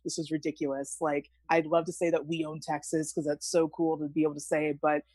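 Low-voiced chatty young woman. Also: little pitch movement, brisk, darkish tone, husky, no room sound. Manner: chatty, laughing, rambling asides. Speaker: podcast guest. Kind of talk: casual sports chat.

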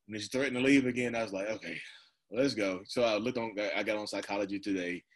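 A fast-talking man in his thirties with a lowish voice chats candidly as an interview guest. He rambles through personal conversation, laughing a lot and performing his own remarks.

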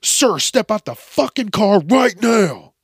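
A man doing a furious, yelling cop. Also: high-pitched, big pitch swings, slow pace, gravelly, slightly rough, dry recording, clean studio sound, pitched above the performer's own voice, full character voice. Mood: enraged. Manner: yelling, aggressive, profane. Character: furious angry male police officer.

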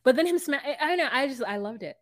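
Woman, podcast co-host, casual recap chat, lively re-enactments, higher voice, dry close sound. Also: rapid-fire, no room sound. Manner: animated retelling, acting out both sides of a scene.

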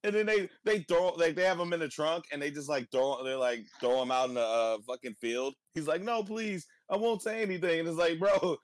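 A young man co-hosting a podcast in casual chat, hoarse with his voice nearly gone, rambling, swearing and laughing as he retells scenes. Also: a little high, fairly quick, few pauses, no echo. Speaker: podcast co-host.

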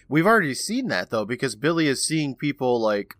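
A man's voice: on the high side, animated, fast, a bit bright, no room sound, clean studio sound. A man co-hosting a podcast, bantering casually and making sarcastic, mocking comments about a TV episode. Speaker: podcast co-host.

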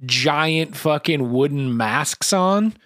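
A man's voice: a little high, animated, takes it slowly, fairly bright tone, no room sound. Man, podcast co-host, casual comedic chat, swears a lot, laughs often, dry close sound. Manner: profane, rambling, laughs often. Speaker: podcast co-host guessing cryptids.

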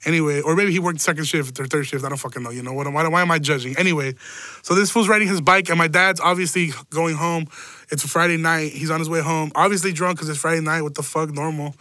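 A man's voice: fairly high pitch, steady tone, quick pace, bright, forceful tone, no room sound. A young man, hosting a casual solo rant, rambling and swearing, often breaking into laughter. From Chicago. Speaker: podcast host.

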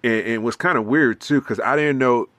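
A man co-hosting a casual chat, laid-back and quick to laugh. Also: medium pitch, a bit bright, no echo. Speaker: podcast co-host.

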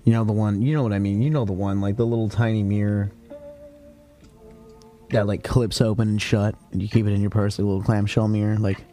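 A man's voice: on the low side, steady tone, fairly quick, mellow, faint music behind. A young man hosting a casual podcast, telling a crude story in a rambling way, full of slang and fillers. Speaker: podcast host.

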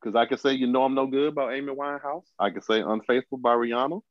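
A man's voice: mid-range voice, fairly even intonation, quick pace, dry recording, muffled recording. A man co-hosting a podcast, emphatic and repeating himself to press his point in casual chat. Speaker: podcast co-host.

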